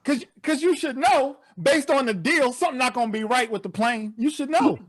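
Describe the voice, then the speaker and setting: A man doing a virtual stand-up comedy set over a video call, telling stories with animated, incredulous outbursts. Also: very high-pitched, fairly quick, no echo.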